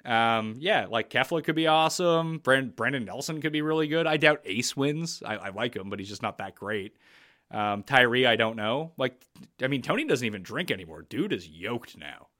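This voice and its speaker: A man's voice: medium pitch, lively intonation, normal speed, pushed and bright. A man hosting a podcast, chatting casually and bluntly about a reality show. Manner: blunt, opinionated. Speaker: podcast host.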